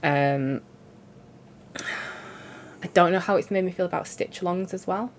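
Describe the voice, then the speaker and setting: A woman talks casually into the camera, nasal and congested from a cold. Her chat wanders and pokes gentle fun at herself. A faint noise sits under her voice. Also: fairly low pitch, unhurried. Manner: chatty, rambling, self-deprecating. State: congested with a cold, sore throat. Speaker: cross-stitch vlogger.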